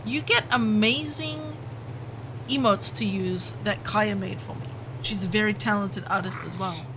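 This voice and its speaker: A game streamer from the Southern Hemisphere, this woman has a medium-pitched voice and a slightly slow delivery, with noise in the background. Her live commentary is chatty, punctuated by excited hellos to viewers she addresses by name.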